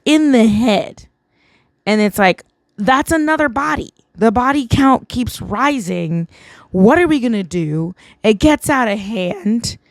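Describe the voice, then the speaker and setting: A woman with a fairly high voice hosts a vlog, recorded without echo. Tipsy, she rambles through a casual recap of a film, saying "like" over and over.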